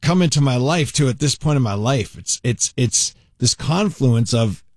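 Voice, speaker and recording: A middle-aged man co-hosting radio, talking in relaxed, reflective casual chat. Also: mid-range voice, moderate pace, no echo, studio quality. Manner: relaxed, reflective, lots of short agreeing replies. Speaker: radio co-host.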